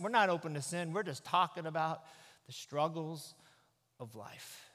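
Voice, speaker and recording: A man, a pastor, giving an animated, conversational sermon into a microphone. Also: high voice, moderate pace. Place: church sanctuary. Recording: echoey church hall.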